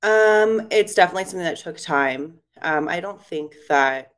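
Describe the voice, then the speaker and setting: A young woman, a guest in a casual chat, telling stories and quoting herself in lively voices. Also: lowish voice, normal speed. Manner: chatty storytelling, quotes herself in lively voices.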